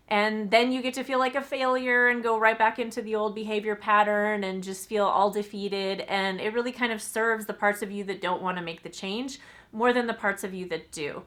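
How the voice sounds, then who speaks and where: A woman talks straight to camera about psychology, frank and energetic. Her voice sits in a middle pitch, and she slips into little acted-out inner voices and casual swearing. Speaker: psychology educator. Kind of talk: casual educational talk to camera.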